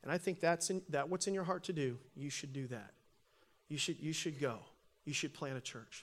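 A middle-aged man preaches to his congregation in a fairly high voice. He tells his story in an animated way, and his voice rises and grows loud when he presses a point. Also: normal speed, a little hiss or hum. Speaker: pastor. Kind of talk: sermon with personal story.

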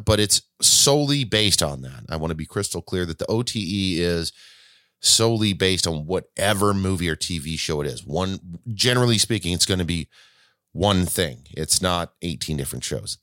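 A man with a very deep voice hosts a podcast on his own, chatting loosely and often restarting his sentences. The recording is dry and close, with no room sound. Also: a bit bright, no echo. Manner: rambling, self-correcting, chatty. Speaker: podcast host. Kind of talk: casual solo podcast talk.

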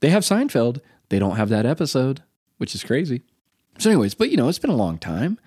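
Podcast co-host, male, American, fast and lively storyteller, dry close sound. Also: medium pitch, slightly rough, no room sound. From United States. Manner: animated storyteller, acts out quotes. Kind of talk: casual podcast chat.

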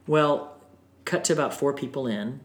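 A man, a singer guest on a podcast, telling an emotional story in an animated way. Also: mid-range voice, normal speed. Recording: roomy echo.

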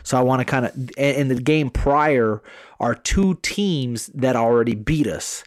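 A man co-hosting a podcast, telling a story in a casual, animated way with plenty of swearing. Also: mid-range voice, a little slow, no echo, studio quality. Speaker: podcast co-host.

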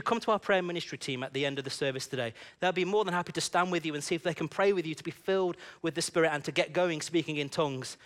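A man preaching a sermon in a church service, telling a personal story in an animated, conversational way. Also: a little high.

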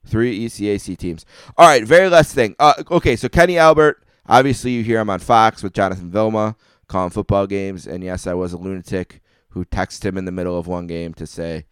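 A male podcast host with a lowish, smooth and resonant voice, who circles around his questions in a loose, chatty way. The sound is dry and close, with no room around it. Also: fairly quick, no room sound. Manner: rambling, self-interrupting, chatty. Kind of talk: casual interview chat.

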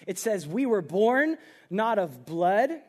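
A young man preaching a sermon in a casual, animated way, with everyday slang. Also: high voice, slow pace. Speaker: pastor.

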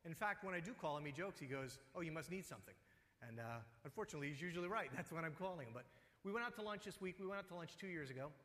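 A man's voice: fairly high pitch, expressive, rapid-fire, sharp tone. A man preaching a sermon as pastor, talking conversationally and telling personal stories. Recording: long hall reverb.

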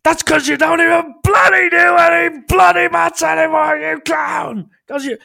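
A man playing a furious shouting Irish dad. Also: very high-pitched, fairly even intonation, moderate pace, gravelly, pitched above the performer's own voice, exaggerated voice. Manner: yelling, exasperated.

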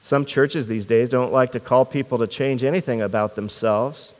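A man's voice: medium pitch, steady tone, normal speed. Male pastor, sermon delivery, earnest and questioning, repeats words mid-thought, reverberant church hall.

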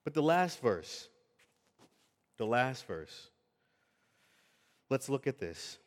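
A man's voice: medium pitch, sing-song, takes it slowly. Male preacher, sermon, earnest, rhetorical questions, long hall reverb.

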